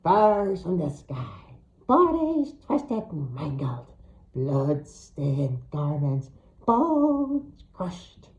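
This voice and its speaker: Man playing a toothless old hag of myth, husky and haunting, lilt, storybook reading. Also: huge pitch swings, extremely slow, lo-fi sound, exaggerated voice. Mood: ominous. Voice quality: raspy, low, husky, whistling through missing teeth. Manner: haunting whispers that turn into shrill yells. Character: toothless old hag, the Morrigan, eerie and crabby.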